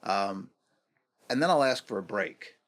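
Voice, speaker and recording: A man in his fifties, a guest on a podcast interview, talking reflectively and acting out quoted dialogue with lively swings in pitch. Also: measured pace. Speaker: guest, negotiation executive.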